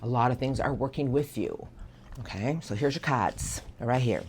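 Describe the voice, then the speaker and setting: Tarot reader, earnest and encouraging, mid pitch, faint background hiss. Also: expressive, moderate pace, darkish tone. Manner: earnest, encouraging, speaks to an unseen source. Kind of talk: tarot reading.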